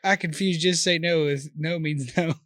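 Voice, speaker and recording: A man's voice: on the high side, steady tone, normal speed, a bit bright, slight background noise. A man hosting a casual podcast, teasing his guest with joking asides. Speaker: podcast host.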